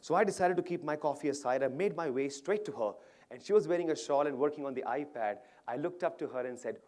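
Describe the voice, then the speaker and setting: A man's voice: fairly high pitch, animated, fast talker, darkish tone. A man giving a motivational keynote on stage, telling a story dramatically and pulling the audience in with questions. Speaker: motivational speaker. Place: stage at an awards event.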